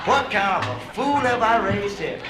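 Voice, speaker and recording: Man playing devout worried old preacher father, deep and prayerful, roomy live sound. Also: very animated, moderate pace, a crowd in the background. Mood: pleading. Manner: solemn preacherly pleading. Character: pious worried old male reverend father. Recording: echoey live club recording.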